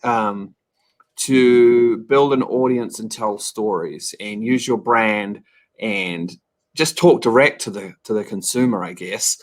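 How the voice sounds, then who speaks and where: A man's voice: lowish voice, slow pace. A man in his thirties with a New Zealand accent, chatting as an upbeat, joking guest on an interview show. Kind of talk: casual interview chat.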